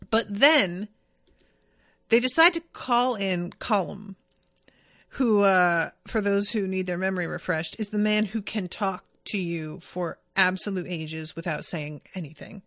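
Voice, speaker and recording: A woman podcast host chats casually and eagerly through an episode recap, swearing freely and answering comments from her listeners. Her voice sits at an ordinary middle pitch. It is recorded close on the mic in a dry, dead-sounding space. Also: unhurried, a bit bright, dry recording. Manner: enthusiastic, swears freely, reads out chat comments.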